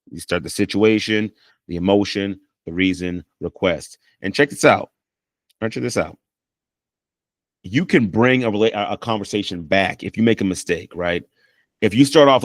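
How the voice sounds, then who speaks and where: A man's voice: lowish voice, no room sound, clean studio sound. A man, a counselor and life coach, teaching communication skills in a casual, conversational way, often checking in with "right?" and acting out sample apologies. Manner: conversational, frequent "right?" and "you know" tags; acts out sample apologies and I-statements.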